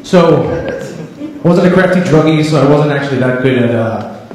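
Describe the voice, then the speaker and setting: A young man doing stand-up comedy on a club stage, telling stories in a deadpan way and acting out his family and the police. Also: a little high, moderate pace. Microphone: handheld stage mic. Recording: live club recording, roomy echo, crowd laughter. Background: audience laughter.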